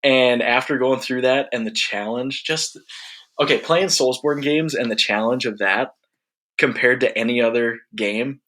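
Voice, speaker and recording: A man talking as a guest on a podcast in a relaxed, rambling way. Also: mid-range voice, unhurried. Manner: relaxed, rambling, restarts his sentences. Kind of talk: casual chat.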